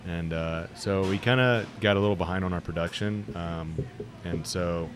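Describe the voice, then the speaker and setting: A man's voice: low-pitched, moderate pace. A young man working as a brewer, chatting casually about his brewery with lots of fillers and offhand jokes. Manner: relaxed, rambling with many fillers and jokes. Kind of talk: casual chat.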